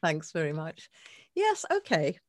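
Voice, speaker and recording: An older woman co-hosting a casual podcast chat, reflective and expressive as she introduces guests. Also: low voice, measured pace, dry recording, studio quality. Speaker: co-host.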